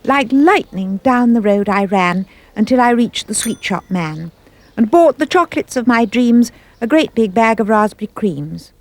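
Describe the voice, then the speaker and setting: A woman giving a playful, expressive reading of comic rhyming verse. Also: moderate pace, no room sound. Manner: animated, playful storytelling with big pitch leaps. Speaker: storyteller.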